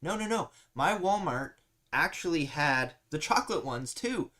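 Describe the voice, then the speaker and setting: A man's voice: on the high side, animated, unhurried, sharp tone. A man hosting a casual live stream, chatting easily and reading viewer comments aloud with frequent laughs. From Canada.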